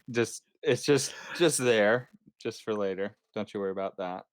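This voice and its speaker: A man's voice: on the low side, dry recording. A man playing a tabletop game, joking around as a player. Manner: joking, slow.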